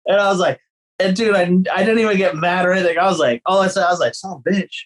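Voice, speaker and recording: A man telling tour stories with a lot of energy, his pitch jumping high whenever he acts out what someone said. He swears freely and laughs through his own stories, a musician in a loose podcast chat. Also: very fast, rough recording. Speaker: guest guitarist.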